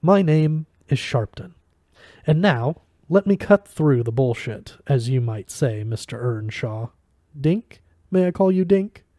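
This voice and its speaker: A man reading a story aloud and voicing a calm, amused mysterious man on a phone call. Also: medium pitch, dry recording, studio quality, natural voice. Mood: cool amused. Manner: cool, amused, unhurried.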